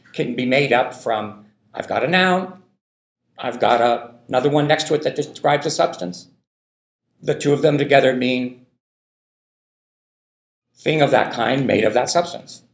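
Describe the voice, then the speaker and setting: A man's voice: mid-range voice, creaky. A man giving a university linguistics lecture, thinking aloud with many fillers and frequent "right?" checks to the class. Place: lecture hall. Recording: echoey lecture hall.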